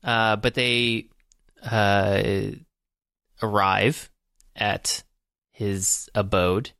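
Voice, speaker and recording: A man casually talking about a film with a friend, recapping the plot slowly with lots of fillers. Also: on the low side, fairly even intonation, bright, forceful tone, clean tone, dry recording, clean studio sound. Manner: recaps plot in a halting, unhurried way with many fillers. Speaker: podcast co-host.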